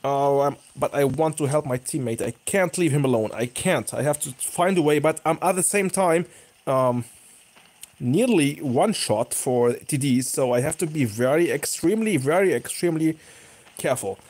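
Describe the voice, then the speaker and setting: Speaking at normal speed in a mid-range voice, a young YouTuber comments live while playing a tank game. He cheers and groans in excited bursts as the match progresses.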